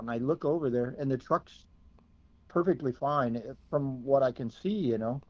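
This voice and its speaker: A monster truck driver telling long stories in casual chat, rambling and animated. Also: male voice, medium pitch, normal speed, muffled recording.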